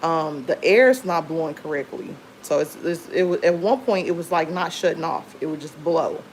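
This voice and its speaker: Woman livestreamer, lower pitch, rambling casual storyteller, faint hiss behind. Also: normal speed, poor audio. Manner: chatty, rambling storytelling with many fillers. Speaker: livestream host. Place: home.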